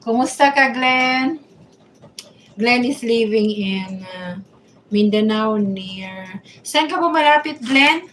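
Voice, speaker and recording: A woman hosting a casual livestream, greeting viewers by name and reading out their comments. Her voice sits a little high, with a faint hiss behind it. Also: slow, a bit bright. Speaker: vlogger, livestream host.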